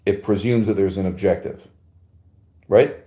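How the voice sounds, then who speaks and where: Fields: Sex: man. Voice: low-pitched. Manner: emphatic, laughing. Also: measured pace, dark tone, roomy sound. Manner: digressive and emphatic, with frequent laughs and rhetorical "right?". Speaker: podcast host reading and answering a listener's email. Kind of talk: philosophical monologue.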